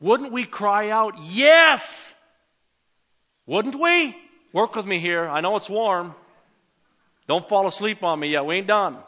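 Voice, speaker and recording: An older man preaching a sermon as pastor, swinging between emphatic calls and quiet asides. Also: high-pitched, moderate pace, lo-fi sound.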